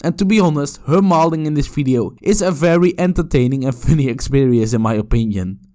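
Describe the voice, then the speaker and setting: A man gives mocking reaction commentary in a sarcastic, profane tone. His voice swings widely in pitch and sits a little high. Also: expressive, fairly quick, darkish tone.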